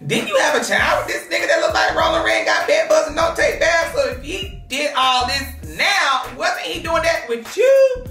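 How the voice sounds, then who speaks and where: A woman hosting a gossip show, loud and swearing, who laughs and shouts a lot. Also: sits high, big pitch swings, normal speed, hardly any pauses, echoey room, recorded from a distance, soft background music. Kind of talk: loud casual gossip commentary.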